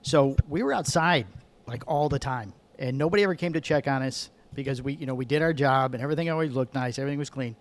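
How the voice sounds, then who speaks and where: A man's voice: mid-range voice, fast talker. A middle-aged man from Michigan telling a rambling story as a podcast guest, correcting himself as he goes. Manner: rambling, self-correcting, chatty. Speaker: guest, cigar sales manager. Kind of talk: casual storytelling.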